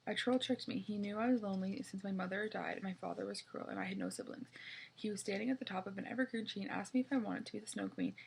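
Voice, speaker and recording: A woman's voice: mid-range voice, very animated, fast talker, creaky, darkish tone, a little hiss or hum, poor audio. A woman voicing a cunning, icy queen who taunts in a sing-song way, in a storybook reading. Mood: bitter.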